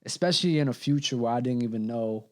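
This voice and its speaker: A man's voice: mid-range voice, fast talker. Nervous young man with hiccups, slangy. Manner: slangy, swears freely, says bro a lot. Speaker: podcast guest. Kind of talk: casual chat.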